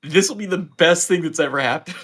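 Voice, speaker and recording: Sly deadpan man at a game table. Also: on the high side, fairly quick. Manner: sly, deadpan in-character remarks. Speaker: player. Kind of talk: tabletop game role-play.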